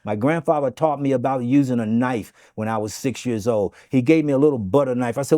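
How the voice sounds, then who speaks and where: A man being interviewed who tells animated stories and acts out the quoted dialogue. He keeps stopping to ask "okay?" to drive his points home. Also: mid-range voice, fast, hardly any pauses, no room sound, studio quality. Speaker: interview guest. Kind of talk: storytelling interview.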